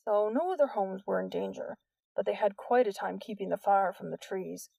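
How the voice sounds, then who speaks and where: Woman reading a calm tired sergeant, gentle, bit of gravel. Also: mid-range voice, moderate pace, no echo, far from the mic.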